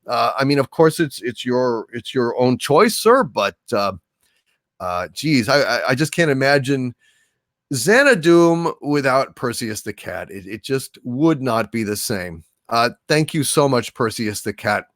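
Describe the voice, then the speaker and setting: A man hosting a livestream, reading viewer messages aloud and answering them with grand mock-overlord greetings and many halting fillers. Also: medium pitch, animated, a bit bright, dry recording, clean studio sound. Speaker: livestream host reading super chats. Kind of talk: casual livestream chat.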